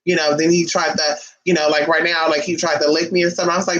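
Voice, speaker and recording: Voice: mid-range voice, steady tone, fast, few pauses, a bit bright. A vlogger ranting to camera in a sassy, profane, emphatic way, calling listeners honey and baby. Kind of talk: casual ranting monologue to camera. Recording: dull lo-fi recording.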